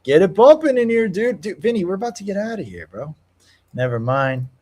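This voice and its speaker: A young male stream host talking fight picks in casual, slang-heavy chat. His pitch swings widely as he hypes and trash-talks. He breaks into loud cheering when the action turns his way. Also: sing-song, fairly quick. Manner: hyped, slangy trash talk, shouting at fight moments.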